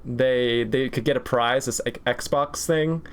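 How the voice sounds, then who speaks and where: A young man chats casually on a stream while he draws, at an ordinary mid pitch. He rambles from one jokey tangent to the next and laughs often. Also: fairly even intonation, slow, smooth. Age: 20s. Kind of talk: casual chat while drawing.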